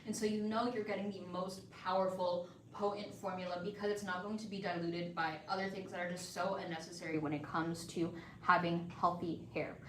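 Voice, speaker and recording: A woman hosting a live shopping stream, chatting upbeat and casual with viewers as she pitches hair-care bundles. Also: little pitch movement, brisk, hardly any pauses, fairly bright tone, recorded from a distance, slight background noise. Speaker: livestream seller. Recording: echoey room, voice a bit off-mic, faint ambience.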